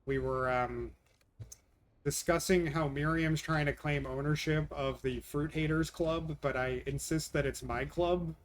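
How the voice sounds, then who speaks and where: A man's voice: fairly high pitch, steady tone, a little slow, a little hiss or hum. A young man streaming live, chatting with viewers and venting in an exasperated, profane way. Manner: exasperated, swearing, answering chat. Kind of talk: casual live-stream chat.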